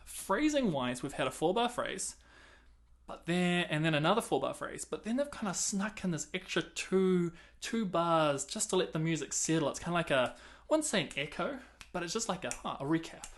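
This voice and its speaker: A man's voice: fairly high pitch, expressive, moderate pace. A man teaching clarinet, counting and singing rhythms aloud between casual explanations. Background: clarinet playing between talk.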